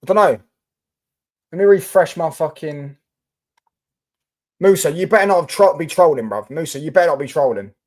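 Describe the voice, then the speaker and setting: Chatty man with a higher voice. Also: moderate pace, long pauses, darkish tone. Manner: chatty, reads and answers viewer comments, many fillers and restarts. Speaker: football live streamer. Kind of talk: casual live-stream chat.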